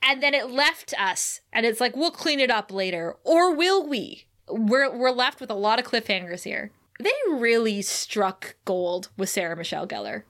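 A woman co-hosting a podcast, recapping a TV episode in casual chat, animated and laughing often as she acts out the characters' lines. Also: a little high, moderate pace, few pauses. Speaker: podcast co-host.

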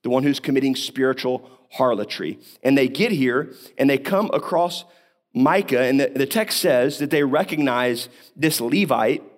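A male pastor speaks at normal speed with a medium-pitched voice, preaching a sermon. He talks through a Bible passage informally, asking rhetorical questions and occasionally coughing.

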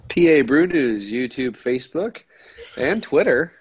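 A man's voice: medium pitch, lively intonation, measured pace, husky, no room sound. A man co-hosts a casual film podcast, speaking in a blunt, joking way. His mic sounds dull and lo-fi, and the audio is completely dry with no room sound. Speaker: podcast co-host.

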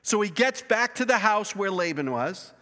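A man's voice: sits high, big pitch swings, moderate pace, fairly bright tone. Man, pastor, sermon, emphatic storytelling, frequent restarts, long church-hall reverb. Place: church sanctuary.

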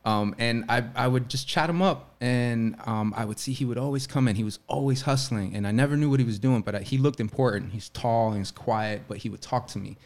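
A man's voice: mid-range voice, fairly quick, hardly any pauses. A young man from Florida, an actor, telling stories in casual chat and acting out the quoted lines. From Orlando, Florida. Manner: animated storyteller acting out quotes. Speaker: actor and guest.

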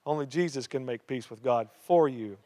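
A man's voice: medium pitch, normal speed, mellow. A man preaching a sermon as pastor, telling a story in an earnest way and repeating key phrases. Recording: long hall reverb.

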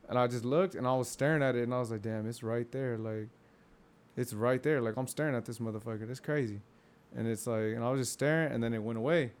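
A man recounts a strange sighting in loose, slang-heavy talk, padded with fillers and restarts. His voice sits at an ordinary pitch. The delivery is unpolished and conversational. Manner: slangy, rambling with many fillers. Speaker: guest telling ghost stories. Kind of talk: casual storytelling.

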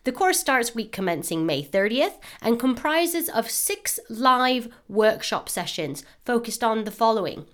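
A woman hosting a podcast, giving an upbeat, eager promotional announcement with animated emphasis. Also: fairly high pitch, measured pace, few pauses. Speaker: podcast host.

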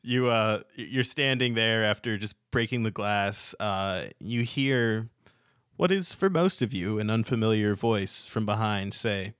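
A man narrating as game master, measured with occasional restarts. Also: fairly low pitch, a bit bright, clear, resonant tone, no echo, clean studio sound.

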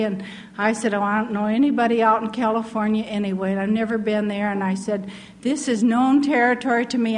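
An older American woman, a missionary, earnestly telling her personal testimony as a story. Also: mid-range voice. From United States. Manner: earnest, heartfelt, laughs softly while telling. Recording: long hall reverb.

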